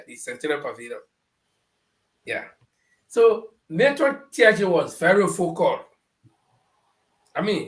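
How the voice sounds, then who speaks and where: Middle-aged Liberian male panelist, lively storyteller, echoey room. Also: on the high side. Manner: animated anecdotes, acting out quoted people. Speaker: panelist on a talk show. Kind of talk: storytelling political commentary.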